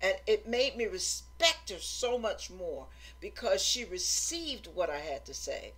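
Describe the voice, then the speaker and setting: A middle-aged woman teaches the faith in an informal sermon. She speaks slowly and deliberately at a middling pitch, earnest and exhorting, and she repeats short phrases to drive home each point. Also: big pitch swings, a bit bright. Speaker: Christian teacher.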